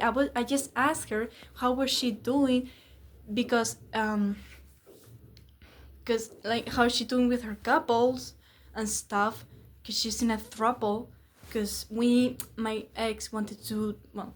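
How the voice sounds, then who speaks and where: A woman's voice: fairly high pitch, steady tone, slow, a little hiss or hum. A young woman vlogging casually, rambling candidly and swearing freely about her relationship. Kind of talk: casual confessional vlog.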